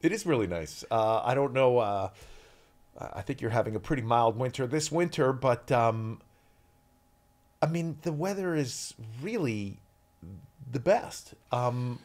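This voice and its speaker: A man's voice: medium pitch, expressive, a little slow, a little mellow. Man, 40s, East Coast-raised, rambling chatty interview guest. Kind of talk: casual interview chat.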